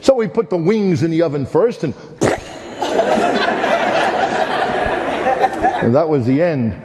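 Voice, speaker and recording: A man's voice: on the high side, sing-song, a little fast, dark tone, some chatter behind. A man preaching a sermon as a folksy story, often repeating "and, and" as he tells it. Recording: long hall reverb.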